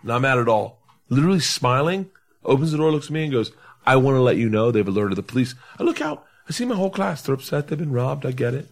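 Middle-aged male comedian, lively swooping delivery, swearing storyteller, casual podcast. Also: medium pitch, fast. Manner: animated, swearing, laughing storyteller acting out quotes. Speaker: comedian guest.

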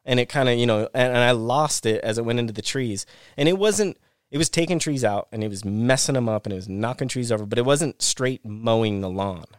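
A man's voice: medium pitch, a little fast, smooth, dry recording, studio quality. A middle-aged man, a former pro snowboarder, retelling an avalanche rescue as a podcast guest in a rush of restarts and repeated phrases. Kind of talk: casual storytelling interview.

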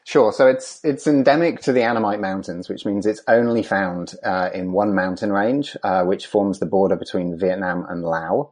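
Guy w a really low voice, conservation expert being interviewed, lots of ums and stops. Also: normal speed, hardly any pauses, a little mellow. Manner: hesitant, many ums and restarts. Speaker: conservation scientist guest. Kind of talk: interview answers.

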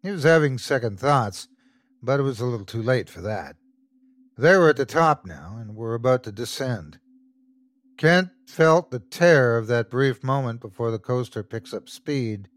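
Expressive male horror story narrator. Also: medium pitch, moderate pace, no room sound. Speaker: host and narrator.

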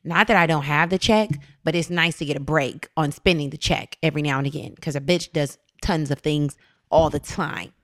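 Young woman co-host, low-pitched, animated and slangy, recorded dry and close. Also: normal speed, no room sound. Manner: animated storyteller, slangy and laughing. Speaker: podcast co-host. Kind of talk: casual spiritual self-help chat.

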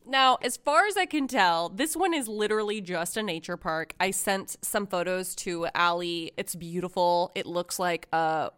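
A woman co-hosts a casual podcast in a Californian accent, her voice nasal and congested from a sinus infection. She chats loosely and swears freely. Her tone stays smooth and clean. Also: lowish voice, moderate pace, hardly any pauses, fairly bright tone, no echo, studio quality. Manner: chatty, swears, giggles often. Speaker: podcast co-host. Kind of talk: casual chat.

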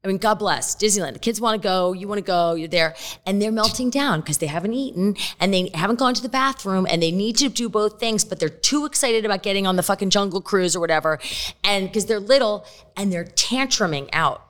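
A middle-aged woman speaking as a podcast guest in casual chat, candid and quick to swear. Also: mid-range voice. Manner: candid, profane and animated.

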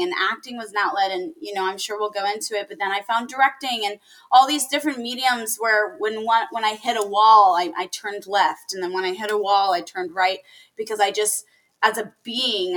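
Bright-voiced woman, animated guest. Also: mid-range voice, rough recording. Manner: animated, many likes and restarts. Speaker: guest, actress and musician. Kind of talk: casual podcast chat.

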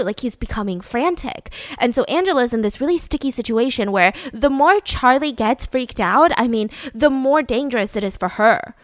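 A woman telling a true-crime story in a casual, animated way, swearing and checking in with "right?". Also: a little high, normal speed, few pauses, dry recording. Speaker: podcast host.

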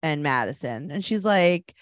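Woman podcast co-host, playful gossip, very lively pitch, dry close mic. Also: no echo. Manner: playful, gossipy, quick jokes and mock voices. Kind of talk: casual chat recapping a reality show.

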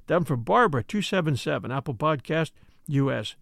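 A man who hosts a podcast and narrates a classic mystery novel in a smooth, measured storytelling voice. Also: on the high side, animated, fairly bright tone, no room sound, clean studio sound.

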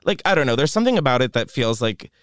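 Sassy, animated young man gossiping. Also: medium pitch, fast talker, clear, resonant tone, no echo, studio quality. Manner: animated, sassy, interrupts and jokes. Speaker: podcast host. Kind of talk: casual gossip chat.

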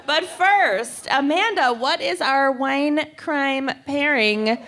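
A woman's voice: high-pitched, slow. A woman in her thirties co-hosting a podcast live on stage, joking loosely with a laughing audience and her co-hosts. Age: 30s. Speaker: podcast co-host. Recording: live room with loud crowd.

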